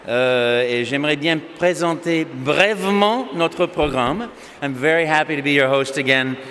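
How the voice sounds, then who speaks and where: A man emceeing a banquet through a microphone in a large hall, cheerful and formal, with small fillers between announcements. His voice is bright and a touch high, and it rings with long reverb over faint room noise. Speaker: master of ceremonies.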